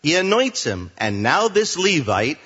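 A male pastor preaching a sermon, reading scripture slowly and then explaining it in plain words. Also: a little high, very animated, a bit bright, breathy edge, muffled recording.

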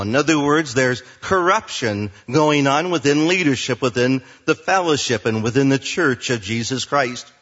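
A male pastor preaching a sermon, reading scripture slowly and then explaining it in plain words. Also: mid-range voice, fairly bright tone, lo-fi sound.

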